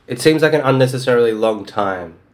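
A man's voice: mid-range voice, lively intonation, fairly quick. A man co-hosting a casual podcast about a novel, recapping the plot in a dry, wry way. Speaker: podcast co-host.

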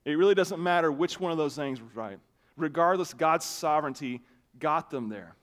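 A man in his thirties, a pastor preaching a conversational sermon with animated storytelling and casual asides. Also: fairly high pitch, normal speed.

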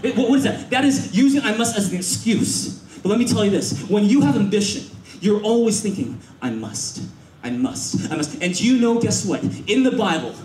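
A male pastor preaching a sermon with energetic call-and-response and repetition, slipping in Mandarin phrases. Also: high-pitched, a little hiss or hum. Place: church auditorium. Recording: echoey church auditorium.

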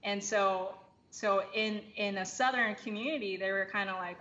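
A woman speaking casually as a podcast guest, explaining ideas with frequent fillers and restarts, picking up energy in animated bursts. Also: mid-range voice, moderate pace. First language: English. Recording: slightly dull lo-fi audio with faint background hiss.

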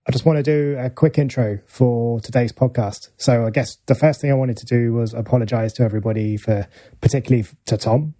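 A man's voice: mid-range voice, fairly even intonation, fairly quick, dark tone. A man hosting a podcast in casual chat, easygoing and joking. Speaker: podcast host.

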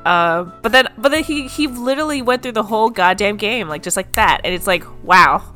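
A woman co-hosting a casual chat about video games, chatty and quick to laugh, with lots of likes and restarts. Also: mid-range voice, lively intonation, bright, forceful tone, soft background music. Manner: chatty, full of fillers and laughter. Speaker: podcast co-host.

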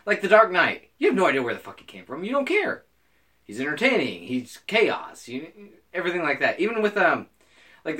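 A man's voice: medium pitch, bright, forceful tone. A young man co-hosting a podcast, chatting casually and teasing, swearing freely. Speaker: podcast co-host. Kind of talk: casual chat.

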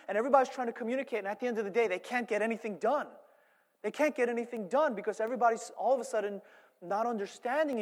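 A male pastor delivers a sermon in an animated storytelling manner, dropping to hushed asides and rising to loud, emphatic points. His speaking voice sits high for a man. A long reverb rings through the church hall.

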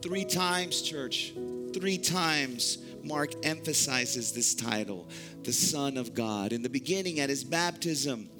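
A man preaching a sermon to his church, with slow, emphatic delivery and dramatic pauses. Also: mid-range voice, animated, over music. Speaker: pastor.

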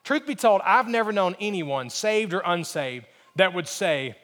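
High-voiced pastor preaching in a reverberant hall. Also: male voice, expressive, a little fast, hardly any pauses. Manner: emphatic, repetitive preaching cadence with rising build-ups and quiet drops. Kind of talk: sermon. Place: church sanctuary.

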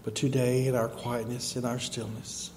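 A male pastor delivering a sermon, speaking gently and slowly, with moments of rising fervent emphasis. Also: mid-range voice, flat delivery, long reverb tail, a little hiss or hum. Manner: soft, slow, then rising to fervent emphasis. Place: church sanctuary.

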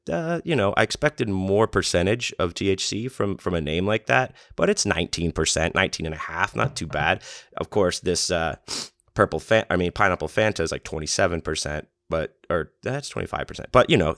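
A man with a very low voice hosts his own storytelling podcast. He rambles along in a relaxed, self-deprecating way, and the recording is close and dry with no room echo. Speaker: podcast host. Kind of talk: casual storytelling monologue. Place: home in Las Vegas.

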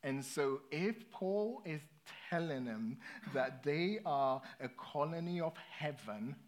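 A man's voice: a little high, lively intonation, slow pace. A British man preaching a sermon in a conversational way, often checking in with his listeners. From Britain. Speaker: pastor.

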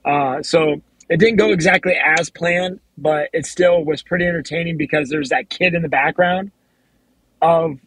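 A man's voice: a little high, normal speed, fairly bright tone, husky, no room sound, low-quality recording. A man, a martial arts competitor, casually telling the story of his championship celebration. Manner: easygoing, laughs along.

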